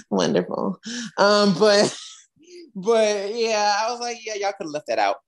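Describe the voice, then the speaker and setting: A woman's voice: mid-range voice, lively intonation, takes it slowly, creaky. A woman co-hosting a podcast in casual chat, telling a story in an emphatic, exasperated way. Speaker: podcast co-host.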